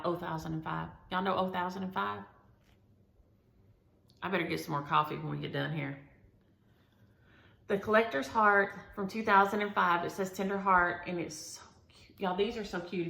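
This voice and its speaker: A woman's voice: medium pitch, fairly even intonation, moderate pace, vocal fry, bright, forceful tone. A woman hosting a chatty show-and-tell video, gushing over each item and talking straight to her viewers. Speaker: host. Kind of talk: casual show-and-tell chat. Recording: roomy echo.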